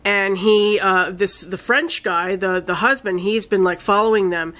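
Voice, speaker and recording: A woman giving a casual spoken film review, retelling the plot in a rambling, excitable way with many fillers and some casual swearing. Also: medium pitch, a little slow. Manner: rambling, enthusiastic retelling full of "like" and "you know".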